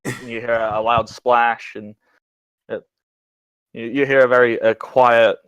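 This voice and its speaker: A man narrating a tabletop game as game master, with a halting delivery full of fillers. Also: medium pitch, little pitch movement, fairly bright tone, clear, resonant tone, dry recording, highs cut off.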